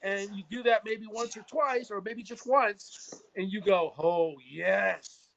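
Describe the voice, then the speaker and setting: A fairly high-voiced man talks shop as a recording engineer on a muffled, lo-fi video call. He tells his stories with lots of swearing and acts out what people said. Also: measured pace. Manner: animated storyteller, swears freely, acts out quotes. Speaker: recording engineer and producer guest. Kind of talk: casual video-call chat.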